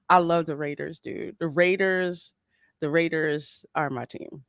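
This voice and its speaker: Woman podcast host from Philadelphia, bubbly, lower-pitched voice, dry close mic. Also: fairly even intonation, takes it slowly, no room sound. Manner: bubbly, laughs often, warmly greets chat. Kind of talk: livestream podcast chat.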